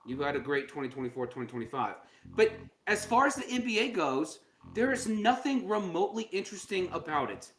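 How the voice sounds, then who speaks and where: A man's voice: sits high, very animated, a little fast, fairly bright tone. A man co-hosting a sports podcast, ranting sarcastically in casual banter. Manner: sarcastic, mocking, does exaggerated voices. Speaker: podcast co-host. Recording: roomy with faint background noise.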